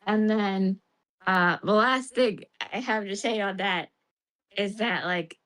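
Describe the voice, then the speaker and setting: A woman's voice: medium pitch, slow, a bit bright. A woman streamer chatting casually about a game, laughing often and acting out the characters' lines in bursts.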